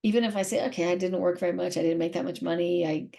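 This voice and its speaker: A woman's voice: fairly low pitch, steady tone, very fast, gravelly, warm tone. A middle-aged woman speaking candidly as an interview guest, emotional and rambling, often repeating herself.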